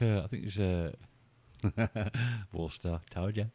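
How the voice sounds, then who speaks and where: Speaking slowly in a low, mellow voice, this live-stream trading host keeps things casual, musing aloud and trading banter with his viewers along the way.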